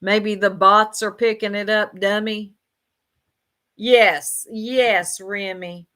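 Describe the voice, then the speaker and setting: A woman's voice: medium pitch, steady tone, takes it slowly, pushed and bright. A woman giving casual reaction commentary, blunt and sarcastic, laughing often and talking straight to her chat.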